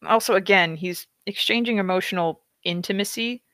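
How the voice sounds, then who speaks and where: A woman in a comedy podcast, reading passages and cutting in with mocking remarks. Her delivery is sarcastic and loose, at a middle pitch. The sound is close and very dry. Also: normal speed, fairly bright tone, no room sound. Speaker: podcast co-host reading a novel aloud. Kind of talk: casual comedic chat and read-aloud.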